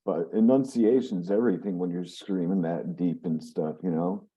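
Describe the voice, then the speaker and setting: A man's voice: deep voice, normal speed, dark tone, highs cut off. A man hosting a webzine interview in a casual, joking, teasing way. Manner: laid-back, joking, teasing. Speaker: webzine host.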